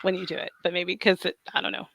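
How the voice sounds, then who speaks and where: A young woman chatting casually on a stream, laughing often and speaking loudly. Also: lowish voice, level tone, fast talker, gravelly, noisy background. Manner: laughs often, says she is loud and cannot whisper. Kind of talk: casual chat.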